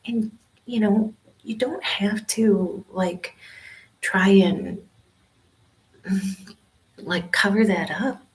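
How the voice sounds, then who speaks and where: A woman over fifty chatting on a casual livestream, whispering quietly from a small library study room. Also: mid-range voice, drawn-out words, pauses often, poor audio. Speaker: vlogger doing a livestream.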